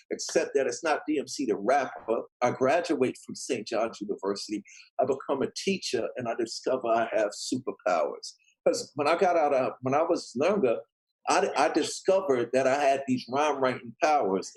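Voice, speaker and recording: A man's voice: medium pitch, husky, low-quality recording. A middle-aged man telling a long casual story, acting out the voices of people in it. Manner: animated, acts out quoted voices. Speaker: guest storyteller.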